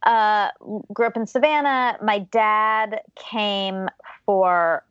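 A woman's voice: medium pitch, fairly even intonation, slow, fairly bright tone, clear, resonant tone, no echo, dull audio. A woman from the US state of Georgia, a podcast guest, talking reflectively about her childhood and laughing often. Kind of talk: casual interview conversation.

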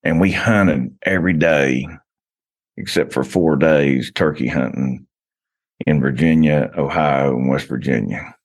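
A man's voice: extremely low pitch, a little slow. A man telling long rambling stories as a podcast guest, full of restarts and "you know.". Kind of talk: casual podcast chat.

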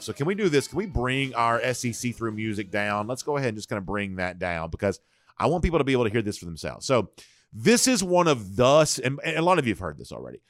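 A man hosting a sports talk show, talking in an animated, conversational way. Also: fairly low pitch. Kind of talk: casual sports talk commentary.

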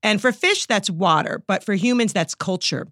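A middle-aged woman with a New York accent, a psychology professor answering interview questions as an animated storyteller who laughs easily. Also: medium pitch, normal speed, no room sound, clean studio sound.

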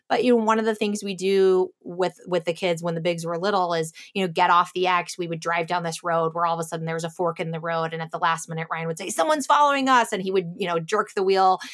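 A woman's voice: lowish voice, fairly even intonation, a little fast. A middle-aged woman, a guest in an interview, explaining at length in a casual way with frequent fillers and restarts. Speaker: guest, former intelligence officer and author.

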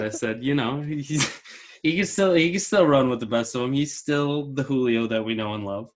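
A man's voice: mid-range voice, normal speed. A man co-hosting a casual sports talk show, laid-back and chatty. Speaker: co-host.

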